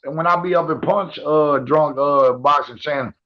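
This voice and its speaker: A man's voice: fairly high pitch, moderate pace. Slangy boxing fan man, muffled audio. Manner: loud, slangy trash talk. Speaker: boxing panel guest. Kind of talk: casual chat. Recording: muffled lo-fi sound.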